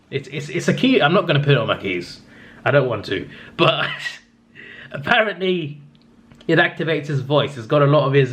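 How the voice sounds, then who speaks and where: A man's voice: medium pitch, fairly bright tone. A man in his twenties chatting casually in a vlog, rambling and hesitant with frequent restarts. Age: 20s. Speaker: vlogger. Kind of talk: casual vlog talk and review.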